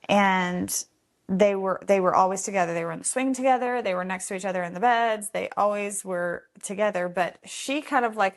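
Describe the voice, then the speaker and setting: Animated woman telling a personal story. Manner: animated, acts out quotes with big pitch jumps. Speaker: foster home founder telling her story. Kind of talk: casual conversational storytelling.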